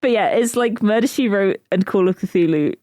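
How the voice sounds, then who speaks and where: A woman co-hosting a casual podcast chat, excitable and giggly. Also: mid-range voice, moderate pace, no echo. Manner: excitable, giggly, reads aloud with relish. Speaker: podcast co-host.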